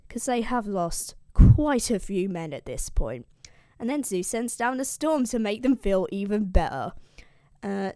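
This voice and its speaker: A woman's voice: medium pitch, warm tone, clean tone, no echo, clean studio sound. A young woman retelling a classic epic in a slangy, jokey, offhand way. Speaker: classics explainer. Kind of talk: casual comedic retelling of a classic.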